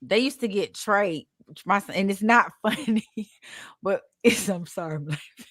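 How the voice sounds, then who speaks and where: A woman's voice: medium pitch, moderate pace, a bit bright, no echo, clean studio sound. A woman chatting on a talk show, laughing as she tells family stories. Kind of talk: casual talk show chat.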